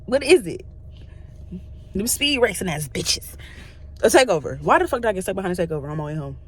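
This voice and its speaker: A young adult woman talking casually in a vlog, animated and swearing freely. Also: medium pitch, brisk, husky. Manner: animated, swearing, laughing often. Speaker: vlogger. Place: in a car and outdoors.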